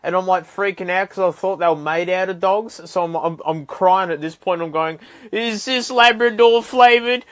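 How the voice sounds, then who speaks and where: A man's voice: high-pitched, little pitch movement, a little fast, hardly any pauses. A man with an Australian accent telling rambling, absurd comedy stories, full of ocker slang and constant "like" and "mate" fillers. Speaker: comedic YouTuber.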